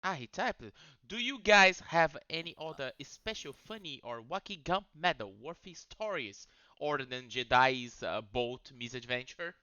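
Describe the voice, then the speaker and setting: A man's voice: a little high, expressive, normal speed, pushed and bright, clear, resonant tone, dry recording, muffled recording. A man co-hosting a live stream, reading out a viewer's question in an upbeat way.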